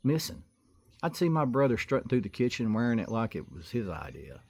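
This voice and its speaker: A man with a drawl tells comic stories in a folksy, exaggerated style. He builds toward excited outbursts, and his voice sits at an ordinary middle pitch. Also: brisk, vocal fry. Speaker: storyteller comedian. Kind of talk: comic storytelling monologue.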